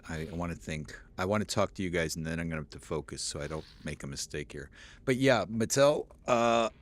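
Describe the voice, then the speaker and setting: A young man live-streaming a game, chatting with viewers and reading chat aloud, easily excited. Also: deep voice.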